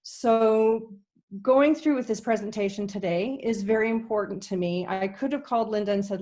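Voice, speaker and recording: Her medium-pitched voice carries a dark tone as she presents online to a conference, recorded over a video call. The Canadian speaker is sincere yet unsure, filling gaps with ums and beginning sentences again.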